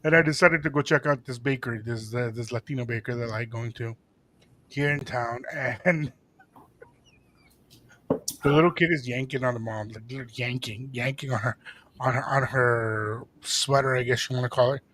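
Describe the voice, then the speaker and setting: A middle-aged man co-hosting a radio show, telling a story in a lively way and acting out the voices of the people in it. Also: medium pitch, moderate pace, slight background noise. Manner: animated, acts out quoted voices, mixes in Spanish phrases. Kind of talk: casual storytelling chat.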